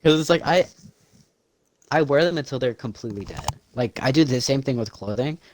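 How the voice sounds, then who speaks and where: A man's voice: mid-range voice, expressive, a little fast, a little mellow, slight background noise. A man co-hosting a podcast in casual chat, rambling freely, swearing often and laughing a lot. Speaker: podcast co-host.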